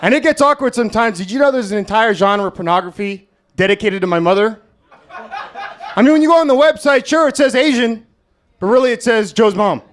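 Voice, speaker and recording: A young American man doing a stand-up set at an open mic, in a crude, deadpan, self-mocking style. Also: sits high, a little fast. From United States. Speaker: stand-up comedian. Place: comedy club stage, Las Vegas.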